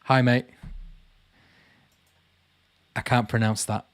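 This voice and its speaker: A man hosts a laid-back livestream, answering the live chat by reading comments out and chatting back, often using "mate." His medium-pitched voice moves at a normal speed, with no room sound in the recording.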